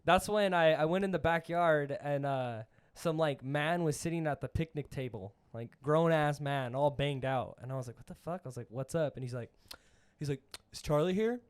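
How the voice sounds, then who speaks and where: A man's voice: on the high side, normal speed, clean tone. A young man hosting a podcast, rambling through a story with lots of fillers and swearing. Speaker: podcast host. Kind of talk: casual chat.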